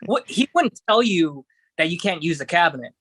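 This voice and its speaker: A man's voice: a little high, expressive, normal speed, fairly bright tone, dry recording. A man talking as a podcast guest, telling a story casually with many fillers and restarts. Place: podcast studio.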